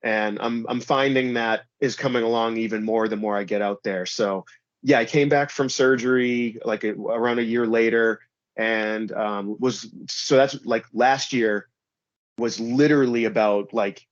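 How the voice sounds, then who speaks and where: A man's voice: mid-range voice, steady tone, measured pace, no echo. A man being interviewed as a wrestler, talking casually and rambling with lots of "like" and "you know". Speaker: pro wrestler guest. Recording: slightly dull, dry recording.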